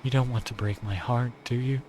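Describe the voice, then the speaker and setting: A male streamer reading a visual novel aloud and voicing an obsessive, possessive young woman who talks to her partner in a softly adoring, controlling way. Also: medium pitch, fairly even intonation, fairly quick, slight background noise, lightly acted, rough recording. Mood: possessive adoration.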